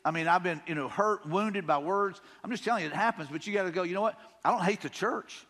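Southern pastor, folksy and high-voiced. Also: male voice, fast, fairly bright tone, long reverb tail. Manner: conversational, folksy, repeats himself, paraphrases scripture casually. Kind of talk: sermon. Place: church sanctuary.

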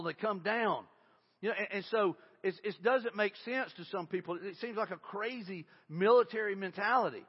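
Husky-voiced preacher in an echoey hall. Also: male voice, high voice, dull audio. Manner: conversational, animated storytelling with reading aloud. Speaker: pastor. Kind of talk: sermon.

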